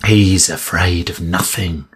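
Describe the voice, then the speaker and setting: Guy reading soldiers whispering gossip, deep and husky, audiobook. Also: steady tone, takes it slowly, full character voice. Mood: awed. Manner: hushed, awed gossip. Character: gossiping Roman soldiers, men.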